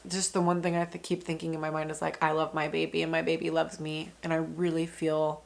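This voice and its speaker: A young woman, a new mother, chatting candidly in a casual vlog, full of fillers and the odd swear word. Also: low-pitched.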